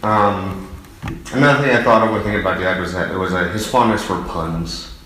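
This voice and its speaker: A middle-aged man fondly remembering his late father, halting, with many fillers and restarts. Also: deep voice, pushed and bright, a little hiss or hum. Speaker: son giving a eulogy. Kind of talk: personal reminiscence. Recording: very echoey hall.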